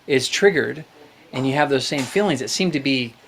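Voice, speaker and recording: A man's voice: mid-range voice, lively intonation, normal speed, vocal fry, fairly bright tone, a little hiss or hum. A man hosting a live call-in show, talking reflectively about faith and therapy and quoting scripture. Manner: reflective, preachy, quotes scripture. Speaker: host.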